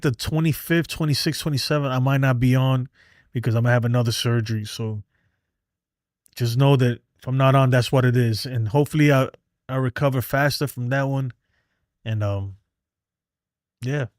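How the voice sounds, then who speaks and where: A man's voice: medium pitch, a little mellow, dry recording, clean studio sound. A man hosting a live sports fan stream in loose, casual talk, sounding out of breath. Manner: loose and conversational, many "like" and "man". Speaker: sports fan show host.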